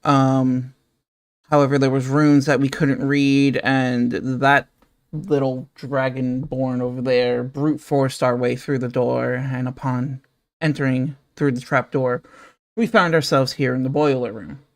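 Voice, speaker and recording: A man's voice: medium pitch, level tone, unhurried, no echo, studio quality. A man playing a tabletop game, explaining his character's story at length. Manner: long-winded, explaining at length. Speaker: player. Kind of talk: in-character tabletop role-play.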